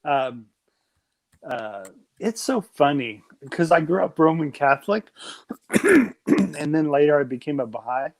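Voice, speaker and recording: A man's voice: on the high side, lively intonation, unhurried, pauses often. A man in his fifties hosting a casual live stream chat, joking around and slipping into silly voices. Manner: jokey, puts on silly voices. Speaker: livestream host.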